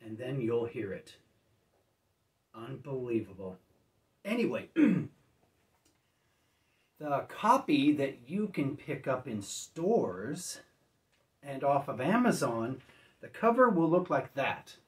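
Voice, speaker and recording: A man casually reviewing discs at home, rambling and correcting himself, often clearing his throat as if he just woke up. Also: medium pitch, big pitch swings, slow, long pauses, far from the mic. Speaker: disc reviewer.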